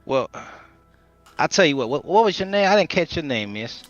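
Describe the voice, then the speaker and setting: A man's voice: on the high side, sing-song, moderate pace, no room sound, muffled recording, faint music behind. A man voicing a talkative, folksy rabbit-eared man who drawls and stammers.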